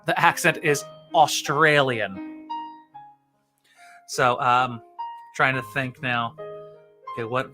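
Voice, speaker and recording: A man's voice: mid-range voice, takes it slowly, long pauses, music in the background. A man hosting a comedy stream, chatting casually to camera in a rambling, self-mocking way and laughing often.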